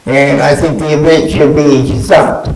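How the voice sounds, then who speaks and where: A man raises a concern from the floor in a flat, even monotone. The room is echoey, and a crowd murmurs clearly in the background. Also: on the high side, measured pace. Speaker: public commenter. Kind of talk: public comment.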